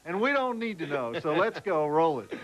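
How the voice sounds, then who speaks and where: A man with a Southern accent hosting a late-night movie show with deadpan wisecracks. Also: on the high side, moderate pace, dull audio, a crowd in the background. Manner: drawling, deadpan jokes. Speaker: host.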